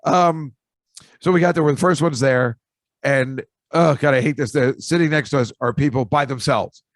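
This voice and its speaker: A man's voice: mid-range voice, normal speed, dry recording. A man hosting a podcast, telling rambling, jokey stories in a casual chat. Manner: rambling, chatty, jokey asides. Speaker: podcast host. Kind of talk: casual storytelling monologue.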